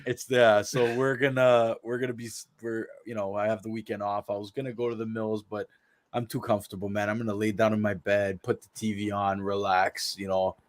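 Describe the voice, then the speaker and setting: A man from Canada talks from home in an easygoing, laid-back way while he chats with his podcast friends. His voice sits fairly low. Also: level tone, brisk, dry recording. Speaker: podcast co-host. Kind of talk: casual chat.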